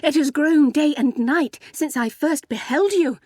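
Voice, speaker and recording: A woman's voice: high voice, measured pace, dark tone, no room sound, studio quality, voice pushed up. A woman voicing Bernard, a melodramatic young man, making fervent, overwrought declarations of love in a storybook reading.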